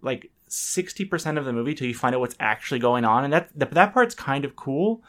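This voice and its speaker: A young man hosts a loose, casual podcast at a mid pitch. He restarts his sentences, piles on fillers, and laughs between his thoughts. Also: expressive, fairly quick, a bit bright. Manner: rambling, self-interrupting, laughs often. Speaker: podcast host.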